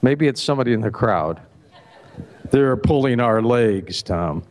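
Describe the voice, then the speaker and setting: Animated man telling a joke on stage. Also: measured pace. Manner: animated, acts out the characters with pitch jumps. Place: festival stage before an audience.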